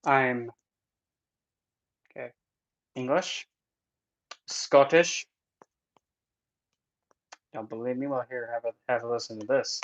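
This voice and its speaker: Male vlogger for a casual Q&A, jokey and rambling, mid-pitch, in-ear mic. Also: steady tone, slow, long pauses, dull audio. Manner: rambling, jokey, self-interrupting. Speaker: vlogger and spiritual instructor. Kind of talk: casual Q&A chat. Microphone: in-ear headset mic.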